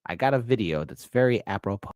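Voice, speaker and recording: A man's voice: fairly low pitch, animated, quick pace, noisy background. A man hosting a political livestream, talking bluntly and profanely, swinging between ranting and joking. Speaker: livestream host. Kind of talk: casual political livestream talk.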